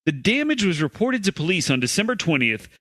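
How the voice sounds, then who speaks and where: A man with a bright, fairly high voice reads offbeat news stories aloud on a podcast. He tosses in dry jokes between the lines, and his delivery moves up and down a lot. The sound is close and dry. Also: big pitch swings, a little fast, no room sound. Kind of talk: casual comedy chat.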